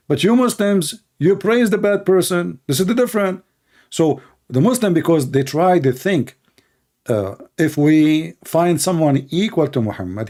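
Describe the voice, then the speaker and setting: A man hosts a call-in show in a mocking monologue, scornful and sarcastic. His voice sits a little high for a man. His grammar is broken, and he keeps firing rhetorical questions. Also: darkish tone. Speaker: show host taking calls.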